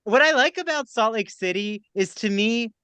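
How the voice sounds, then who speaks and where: A man's voice: high-pitched, animated, bright, forceful tone, clean tone, no echo. A man hosting a casual podcast, chatting about reality TV with a playful, mocking humor. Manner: playful, mocking, quick to joke. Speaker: podcast host. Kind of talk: casual gossip chat.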